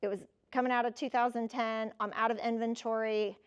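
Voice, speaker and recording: Lively woman giving a motivational keynote. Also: a little high, brisk, clear, resonant tone, highs cut off. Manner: lively, conversational, addresses audience directly. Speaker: keynote speaker. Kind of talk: motivational keynote with personal stories.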